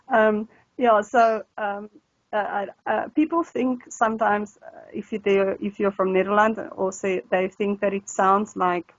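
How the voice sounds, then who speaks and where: A woman's voice: medium pitch, little pitch movement, no echo. Chatty South African woman, Afrikaans native. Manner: chatty, laughs often, quick asides. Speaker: language tutor. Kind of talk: casual interview chat. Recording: dull lo-fi dry sound.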